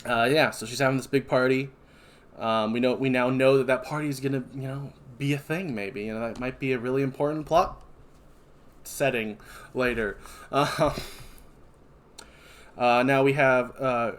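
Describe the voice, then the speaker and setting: A man's voice: medium pitch, fairly even intonation, moderate pace, pauses often, fairly bright tone. Rambling casual man from Kentucky. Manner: rambling, loose recap full of fillers and self-corrections. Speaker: podcast co-host recapping a film. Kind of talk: casual chat.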